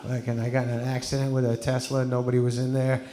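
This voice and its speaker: A man's voice: medium pitch, monotone, quick pace, slight background noise. A man comedian doing loose, rambling stand-up, swearing and laughing through it. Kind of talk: stand-up routine. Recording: roomy venue with loud crowd.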